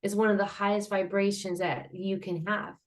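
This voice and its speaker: A woman's voice: medium pitch, normal speed. A woman guest speaking about healing in a casual interview, earnest and rambling, with frequent fillers and restarts, acting out sounds and laughter as she explains. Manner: animated, acts out sounds and laughter. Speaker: guest, mental health advocate.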